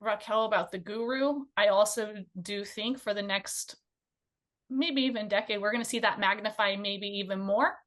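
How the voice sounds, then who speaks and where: A woman co-hosting a conversational panel, talking in an animated, chatty way with fillers and light giggles. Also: mid-range voice, normal speed.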